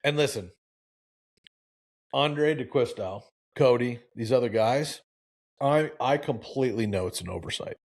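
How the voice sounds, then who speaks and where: A man in his forties hosting a live talk show, preachy and animated, with lots of restarts and acted-out quotes. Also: mid-range voice, a little slow, pauses often. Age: 40s. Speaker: show host.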